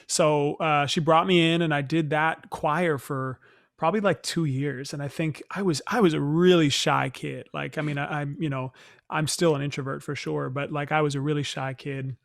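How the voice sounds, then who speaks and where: Young man, stage actor, gravelly voice, slightly high pitch, dry close sound, reflective. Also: fairly even intonation, moderate pace, no echo. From Northern California. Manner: soft-spoken, reflective, frequent fillers and restarts. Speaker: interview guest, stage actor. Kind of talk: casual interview storytelling.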